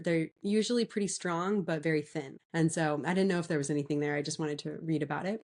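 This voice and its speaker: A woman's voice: lowish voice, a little mellow. Woman with a scratchy sick voice. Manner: chatty, many fillers like "like". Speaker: podcast co-host. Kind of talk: casual book recap chat.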